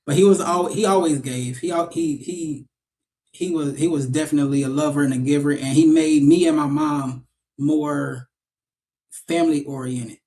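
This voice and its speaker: A man's voice: on the high side, lively intonation, normal speed, warm tone. A man being interviewed as an actor guest over a video call, telling stories in a rambling casual way with many restarts.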